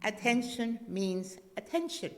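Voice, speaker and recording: A woman voicing a calm, serene old male Zen master who speaks slowly, quietly and without hurry. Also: on the high side. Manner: slow, hushed and unhurried. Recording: long reverb in a church hall.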